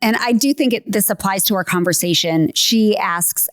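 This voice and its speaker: Animated, laughing woman podcast host. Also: medium pitch, moderate pace, no room sound, studio quality. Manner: animated, laughs often, acts out quoted voices. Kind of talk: casual faith podcast conversation.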